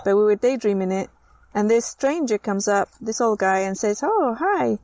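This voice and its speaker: A woman's voice: mid-range voice, normal speed, dry recording. A woman from Chile, telling a childhood story in casual chat and acting out the people in it. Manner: animated storyteller acting out quoted voices. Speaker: host.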